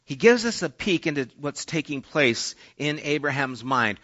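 A male pastor preaching in a casual, storytelling manner, slipping into the voices of the people he describes. His voice is bright and sits a little high for a man. The recording is dull and lo-fi. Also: lively intonation, moderate pace, hardly any pauses. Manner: conversational preaching, acting out quoted voices. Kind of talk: sermon. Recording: dull lo-fi sermon audio.

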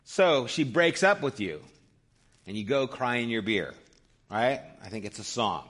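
A man's voice: medium pitch, animated, measured pace, fairly bright tone. A man in his fifties, a pastor preaching a sermon in a conversational storytelling way, often checking in with "right?".

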